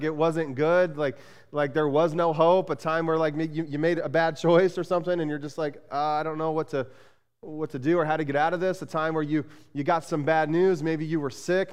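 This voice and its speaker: Male pastor, sermon, higher-pitched and smooth, loose conversational delivery full of restarts, echoing church sanctuary. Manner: conversational, repeats "like" and restarts often. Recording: long hall reverb.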